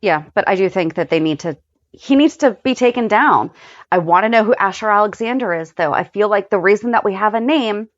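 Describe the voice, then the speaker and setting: A woman's voice: fairly quick, dry recording, lo-fi sound. A woman co-hosting a podcast, recapping a soap opera in casual chat, her voice swooping up when she quotes or reacts. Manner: lively, swoops high when quoting or reacting. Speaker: podcast co-host.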